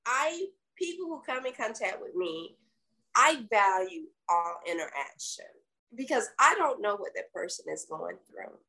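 A woman's voice: mid-range voice, sing-song, unhurried, low-quality recording. A middle-aged woman from the American South with a Southern accent, co-hosting a podcast and reflecting in casual conversation. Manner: reflective, warm-hearted storytelling with folksy phrases. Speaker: podcast co-host.

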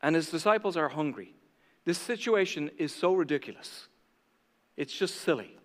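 A man preaching a sermon, animated and conversational, acting out the voices of his listeners. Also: a little high, normal speed, in a large hall. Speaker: pastor.

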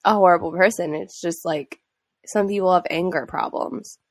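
A woman's voice: lowish voice, moderate pace, no room sound, clean studio sound. A young woman and parent chatting casually about discipline, thinking aloud with hesitant phrasing and many fillers. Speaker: parent in a conversation. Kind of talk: casual chat.

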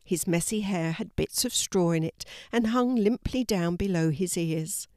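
An older woman narrating a children's story in a slow, gentle storybook manner. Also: fairly low pitch, no room sound, clean studio sound.

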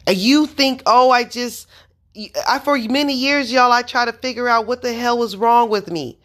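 A woman's voice: on the high side, moderate pace, fairly bright tone. A woman in her thirties telling a personal story to viewers, intense and earnest, swearing freely and speaking straight to her audience. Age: 30s. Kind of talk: casual spoken storytelling.

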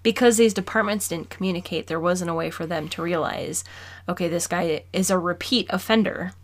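A woman co-hosting a true-crime podcast in relaxed conversation. She talks earnestly and with strong emphasis, making her point firmly and often repeating it. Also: fairly low pitch, brisk. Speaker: podcast co-host. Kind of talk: casual true-crime chat.

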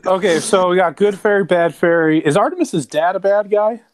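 A man's voice: high-pitched, moderate pace. A man cracking jokes and asking questions as a podcast co-host in casual chat.

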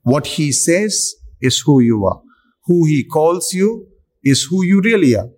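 A male preacher delivering a sermon in a slightly raised voice. He speaks slowly and emphatically, breaking his lines into short phrases with pauses between them. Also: on the high side, animated, a little mellow.

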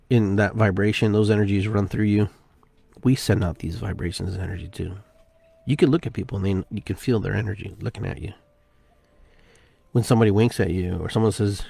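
A man hosting a spiritual podcast, talking in an unhurried, musing way and repeating phrases with shifting inflection. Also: on the low side, vocal fry, dark tone, dry recording. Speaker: podcast host. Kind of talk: reflective spiritual monologue.

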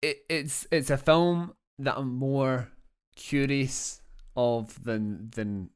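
Slow, steady, and clean in tone, this medium-pitched male voice belongs to a young Scottish podcast co-host. He discusses a film casually, wandering off topic, cracking jokes, and using plenty of fillers.

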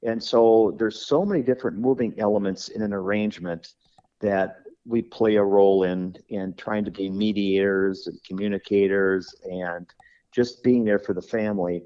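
Funeral director podcast guest, low voice, rambling anecdotes, dull lo-fi sound. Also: male voice, fairly even intonation, normal speed, mellow. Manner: rambling storyteller, acts out quoted dialogue. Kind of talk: podcast conversation.

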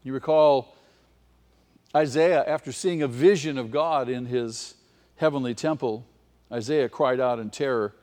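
A man's voice: mid-range voice, measured pace. Impassioned preacher man in an echoing hall. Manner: impassioned, rising to near-shouts at peaks. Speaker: pastor. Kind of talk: sermon. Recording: long hall reverb.

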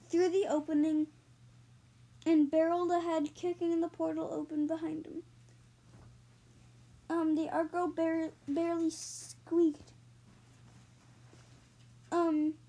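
A woman reads a children's chapter book aloud, slow and unhurried, often pausing on "um" and correcting herself. Her voice is very high and flat in melody. The tone is soft and dark rather than bright. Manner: unhurried reading with frequent ums and self-corrections. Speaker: storybook reader and podcast host.

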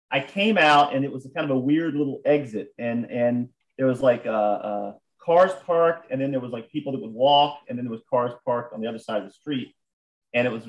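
An American man, a businessman guest, telling stories in an animated, casual way, with frequent restarts. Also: mid-range voice, dull audio. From United States. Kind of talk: casual conversational storytelling.

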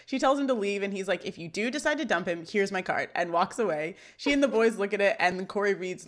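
A woman on a podcast walking through a sitcom episode scene by scene. She slips into short quoted lines as she narrates, in a casual, chatty way. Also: mid-range voice. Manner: animated retelling with quick voiced quotes. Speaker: podcast co-host. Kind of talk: casual recap chat.

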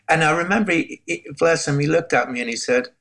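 A man's voice: a little high, fairly quick, a bit bright. An older man with a Northern Irish accent, telling his personal testimony in an earnest, reflective way as an interview guest. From Northern Ireland. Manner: earnest, reflective storytelling with frequent restarts.

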